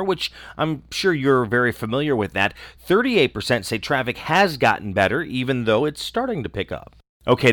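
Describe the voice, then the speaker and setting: A man reads a rapid rundown of celebrity and trivia news with a casual, chatty touch. His voice sits at an ordinary middle pitch. The sound is dry and close, with no room echo. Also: a bit bright. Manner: brisk, informal delivery with asides. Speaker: entertainment news host. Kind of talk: reading quick entertainment news items.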